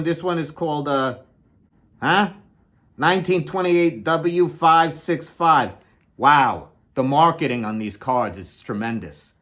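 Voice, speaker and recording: A young adult man hosting a comedy channel, rambling in a sarcastic, mock-enthusiastic deadpan sketch. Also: medium pitch.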